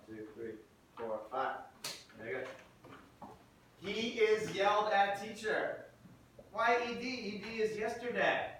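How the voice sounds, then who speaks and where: A high, lively male voice runs an English grammar lesson, counting off and drilling his students without hurrying. He is picked up by a distant mic in a very echoey classroom, with clear background noise. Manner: animated, counting aloud and drilling. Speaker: English teacher.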